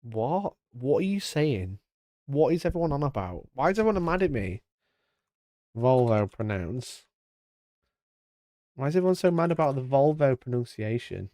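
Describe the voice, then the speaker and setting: A British man hosting a casual live stream, chatty and mock-indignant, talking into a boom-arm mic. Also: big pitch swings, normal speed, long pauses, dark tone, dry recording, studio quality. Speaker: streamer host. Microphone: studio mic on boom arm.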